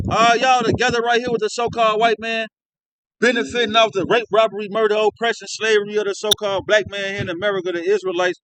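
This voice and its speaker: A man's voice: sits high, a bit bright, a little hiss or hum, rough recording. A man reading scripture aloud and commenting on it in loose, slangy street talk, often tagging his lines with "man", recorded on a phone. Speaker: street-style Bible teacher.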